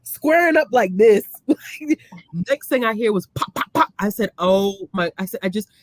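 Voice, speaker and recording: Animated woman telling a funny story. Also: medium pitch, measured pace, no room sound. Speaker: library worker. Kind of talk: casual storytelling chat.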